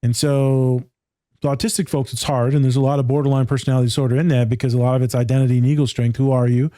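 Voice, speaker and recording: Dark-voiced man, casual podcast chat. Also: medium pitch, fast talker, dry recording, clean studio sound. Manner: animated storyteller, swears casually. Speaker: podcast co-host, therapist.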